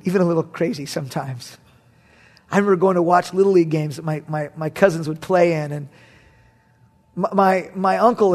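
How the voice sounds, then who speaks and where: A male pastor with a high voice preaches a sermon. He is animated, swinging between loud bursts and hushed, near-whispered passages.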